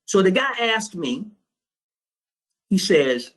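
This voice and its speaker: A man's voice: on the high side, lively intonation, moderate pace, pauses often, fairly bright tone. A man teaching a trading class, telling a blunt, profane story and acting out both sides of a phone call. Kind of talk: storytelling lecture to students.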